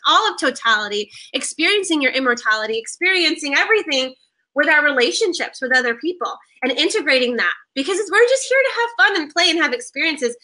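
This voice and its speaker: A woman hosting a loose spiritual conversation, her voice high and piercingly bright. She talks in an animated way, restarts her sentences often and swears casually. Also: fast. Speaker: podcast host.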